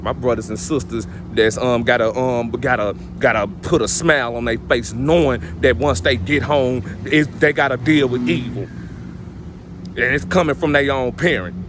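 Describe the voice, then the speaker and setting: Over some background noise, a man with a medium-pitched voice gives casual motivational life advice at a moderate pace as a vlogger. He's emphatic and preachy, often repeating his stock phrases.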